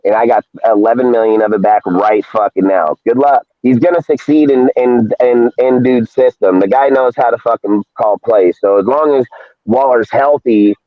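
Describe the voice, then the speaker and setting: A man's voice: normal speed, no room sound, narrow, tinny audio. A man ranting angrily and profanely on a sports talk stream, swinging his voice up and down. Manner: profane, ranting, swings between high and low pitch. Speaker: podcast co-host. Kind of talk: heated sports call-in rant.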